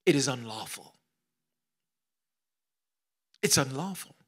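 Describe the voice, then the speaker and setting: A middle-aged pastor preaches a sermon in a medium-pitched, slightly rough voice, speaking slowly but with animation. He swings between loud exclamations and hushed whispers, repeats phrases and calls out questions to the congregation.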